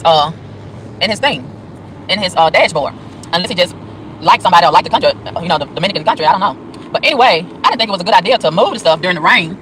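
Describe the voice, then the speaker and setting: A man ranting with animated, profane exasperation on a live stream from his car on city streets, with faint traffic noise behind him. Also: high-pitched, rough recording. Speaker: vlogger. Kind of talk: live-stream rant while driving.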